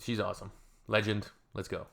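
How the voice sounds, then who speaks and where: Gravelly low man. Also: flat delivery, fairly quick, crowd noise. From Canada. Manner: chatty, laughs easily, trails off with fillers. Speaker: reaction video host. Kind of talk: casual reaction commentary.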